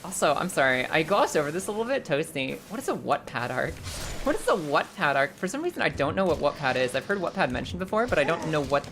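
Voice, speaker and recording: A woman streaming a game live, chatting casually with viewers, swearing freely and breaking into high squeals when the game startles her. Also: very animated, fast, a bit bright, soft background music.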